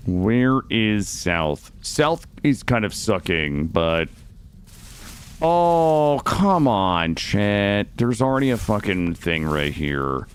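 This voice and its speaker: A young man streaming a game, chatting casually with viewers, swearing often and swinging between loud remarks and muttering. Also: fairly low pitch, big pitch swings, takes it slowly, smooth. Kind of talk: casual gameplay chat with viewers. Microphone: studio microphone.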